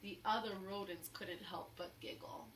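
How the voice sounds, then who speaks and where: A woman reading a children's picture book aloud, pausing to explain the story to young listeners. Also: medium pitch, steady tone, fairly bright tone. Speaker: storybook reader. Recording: roomy echo, faint hum.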